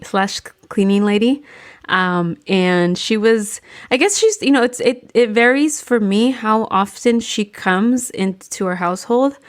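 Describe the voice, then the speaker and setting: Woman co-host, mid-pitched, rambling, hesitant, drops in Spanish now and then. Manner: rambling, hesitant, many fillers and restarts, some Spanish phrases. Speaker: podcast co-host. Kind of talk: casual chat.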